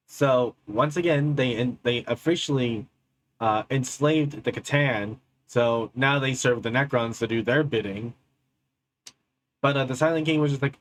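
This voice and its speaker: A man's voice: mid-range voice, fairly even intonation, normal speed, a little hiss or hum. A man hosting a reaction video, retelling lore in a rambling, crude, jokey way. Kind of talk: casual reaction commentary.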